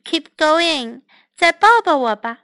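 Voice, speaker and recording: In a bilingual storybook reading, a woman voices a sulky little piglet girl with a high, bright, pouting whine. The voice is dry and close, and it gets loud and shrill when she is cross. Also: lively intonation, takes it slowly, no room sound, exaggerated voice. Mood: soft.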